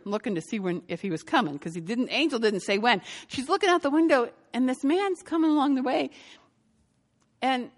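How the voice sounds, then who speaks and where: A woman pastor giving a sermon and telling a story, growing lively as she recounts it. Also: high-pitched, in a large hall. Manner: storytelling, lively when quoting.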